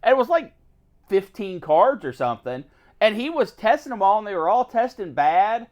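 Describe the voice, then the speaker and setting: A co-host in a casual chat, this man tells work stories in an animated way, acting out what other people said. His voice is high-pitched at normal speed, and the sound is lo-fi.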